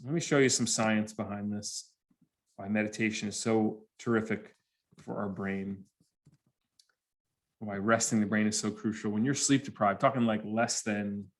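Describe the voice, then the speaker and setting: A man giving a humorous motivational presentation to students, telling lively stories and acting out the people in them. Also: on the low side, normal speed. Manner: animated storyteller who acts out characters. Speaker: motivational speaker.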